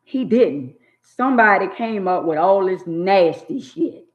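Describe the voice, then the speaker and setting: Drawing out words for emphasis, an older woman lectures viewers of her channel in a blunt, preachy monologue full of opinions. Her medium-pitched voice has lively intonation, though the phone recording is dull and lo-fi.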